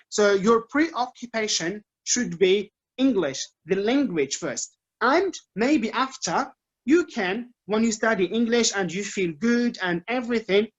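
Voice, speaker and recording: Arabic-accented man giving patient advice. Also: high-pitched. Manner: patient, repeats points, checks in with "okay?". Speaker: English teacher, guest. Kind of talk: advice lecture to learners. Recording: dull lo-fi recording.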